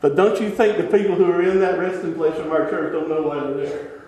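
High-voiced pastor in an echoey church. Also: male voice, fairly quick, slight background noise. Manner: animated, laughing often, shifting to hushed tones. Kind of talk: sermon storytelling.

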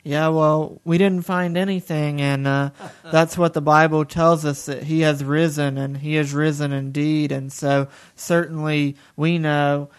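A young man talks in a calm, steady, plain-spoken way. His voice is smooth and clear, sits a little high, and stays flat in pitch. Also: measured pace. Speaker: guest, son of the preacher. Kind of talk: conversational reflection.

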